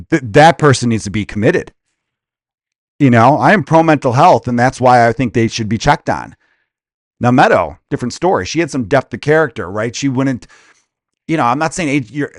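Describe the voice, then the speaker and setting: Crude, animated man ranting on a podcast. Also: medium pitch, no echo, studio quality. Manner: crude, profane and animated, slipping into quick impressions. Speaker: comedian podcast host. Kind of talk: casual comedic rant.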